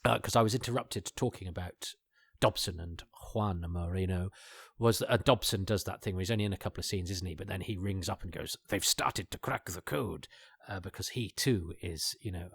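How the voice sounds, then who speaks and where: Rambling low-voiced man. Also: fairly quick, slightly rough, no room sound, clean studio sound. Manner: rambling, many restarts and fillers, chuckling asides. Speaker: podcast host. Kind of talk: casual commentary over an episode.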